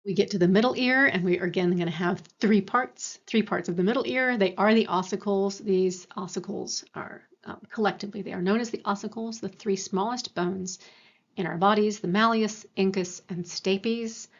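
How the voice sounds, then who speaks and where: A woman's voice: mid-range voice, normal speed, dull audio. A woman giving a university lecture in an explanatory way, with many fillers and self-corrections. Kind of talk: recorded lecture.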